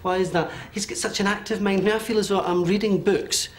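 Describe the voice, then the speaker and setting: A Scottish man in his forties giving a medium's reading, talking in a quick, animated way with many fillers and checks. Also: high-pitched, a little hiss or hum. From Scotland. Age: 40s. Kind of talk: live one-to-one reading before an audience.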